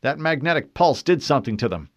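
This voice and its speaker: A man's voice: a little high, very animated, fast talker, dry recording, clean studio sound, voice pushed up. A man voicing a young male armored soldier who reports in a clipped way and teases his teammates.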